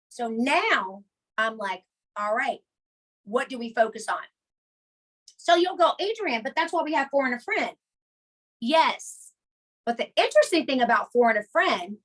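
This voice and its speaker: A woman hosting a motivational team call, energetic and emphatic, repeating her key points with chatty asides. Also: high voice.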